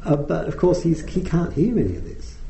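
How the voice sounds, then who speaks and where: A man's voice: fairly high pitch, sing-song, a little fast, gravelly, dark tone, a little hiss or hum. A male meditation teacher giving a conversational dharma talk with frequent ums, in a meditation hall. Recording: roomy hall echo.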